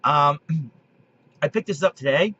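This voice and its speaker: A man in his late thirties hosting a casual monologue video from his basement, rambling with frequent restarts and throat clearing. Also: on the high side, unhurried, bright, forceful tone. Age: 30s. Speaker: video host. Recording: dull lo-fi home recording with faint noise.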